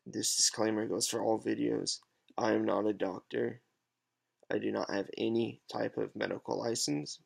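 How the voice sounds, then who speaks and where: A man in his twenties giving a halting, hesitant, unscripted monologue with many pauses and fillers. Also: lowish voice, steady tone, gravelly, husky. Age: 20s. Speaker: patient advocate vlogger. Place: alone at home.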